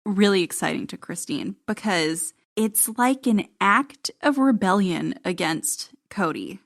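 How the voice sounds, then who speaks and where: A woman's voice: mid-range voice, animated, unhurried, creaky. A woman co-hosting a podcast, recapping a reality show in casual, snarky banter. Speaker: podcast co-host.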